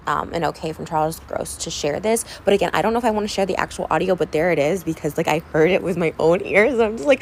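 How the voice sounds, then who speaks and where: A woman's voice: on the high side, slight background noise. A young adult woman vlogging unscripted to her viewers, upset and venting in a rambling way, full of "like". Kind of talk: unscripted vlog rant to camera.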